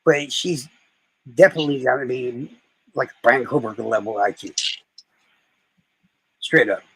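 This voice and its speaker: A man's voice: mid-range voice, measured pace, a bit bright, slightly rough, no echo, low-quality recording. A man chatting casually on a live stream, rambling and swearing as he tells stories. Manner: rambling, profane storytelling.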